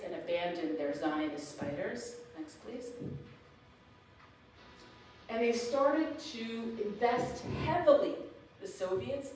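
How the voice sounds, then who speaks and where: Female guest lecturer, animated and emphatic, mid-pitched voice, distant mic in an echoey hall. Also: slight background noise. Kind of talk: public lecture with slides. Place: event hall.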